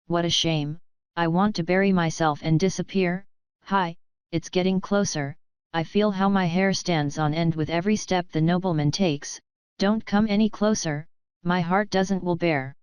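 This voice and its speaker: A woman's voice: on the low side, moderate pace, a little mellow, clear, resonant tone, no echo, dull audio. A woman narrating a first-person audio novel, often flustered and breathless in her inner monologue.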